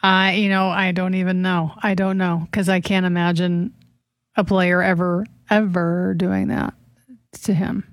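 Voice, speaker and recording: A woman's voice: on the low side, little pitch movement, a little slow, no room sound. A female co-host answers in short, hesitant bits of casual chat. Her voice sounds dry and close-up. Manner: short agreeing replies, hesitant.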